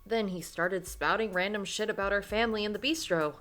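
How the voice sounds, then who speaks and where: A woman's voice: mid-range voice, a little fast, fairly bright tone, soft background music, lightly acted. A woman voicing a worried young heroine who speaks in urgent, rattled questions. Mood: anxious.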